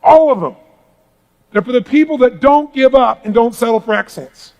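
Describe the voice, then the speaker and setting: A middle-aged man giving a live motivational seminar talk to a large audience in a hall, booming and energetic, swinging from hushed asides to shouting. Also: moderate pace, creaky, dull audio. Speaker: motivational speaker.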